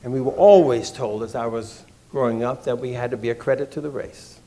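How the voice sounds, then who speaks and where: A man from Washington, D.C., telling an audience his own story in a deliberate, measured way, repeating phrases for emphasis. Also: mid-range voice, steady tone, dark tone. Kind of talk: measured personal talk to an audience.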